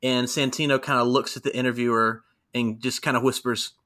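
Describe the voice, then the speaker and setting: A man's voice: medium pitch, level tone, brisk, pushed and bright. A man co-hosting a podcast, casually recapping wrestling segments in a chatty storytelling way. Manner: chatty storytelling, quotes people in voices. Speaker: podcast co-host.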